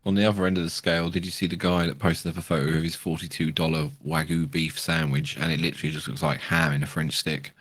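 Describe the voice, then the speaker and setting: A man's voice: a bass voice, flat delivery, fast, hardly any pauses, fairly bright tone, slightly rough, no room sound. A man, co-hosting a casual podcast, blunt and swearing freely. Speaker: podcast co-host, former F1 engineer.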